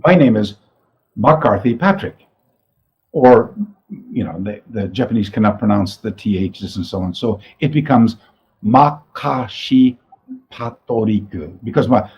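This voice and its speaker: A man's voice: on the low side, a little mellow, lo-fi sound. A man, a martial arts teacher, talking thoughtfully in his own training space and often restarting his sentences. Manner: thoughtful, rambling, many restarts. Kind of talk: reflective talk to camera.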